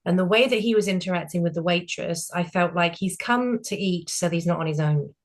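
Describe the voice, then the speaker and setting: A middle-aged woman with a British accent, hosting a group discussion and telling stories in a casual, animated way, acting out the voices of people in them. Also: on the low side, fairly quick. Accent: British English. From Britain. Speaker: group session host.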